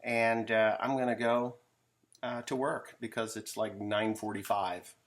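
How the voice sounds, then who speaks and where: A man's voice: fairly low pitch, fairly even intonation, unhurried. A man who farms and talks in a casual, rambling monologue with jokes and frequent asides. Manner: joking, rambling, self-interrupting. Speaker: farmer vlogger.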